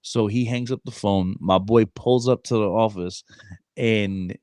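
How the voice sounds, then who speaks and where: Low-voiced profane storytelling man. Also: measured pace, dry recording. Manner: animated, profane, says "bro" a lot. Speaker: podcast co-host, Marine recruiter. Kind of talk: casual chat, storytelling.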